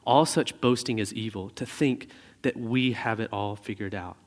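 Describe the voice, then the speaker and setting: A man in his thirties preaching a sermon in a conversational way, telling stories with animated asides. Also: on the low side, normal speed. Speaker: pastor. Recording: reverberant hall sound.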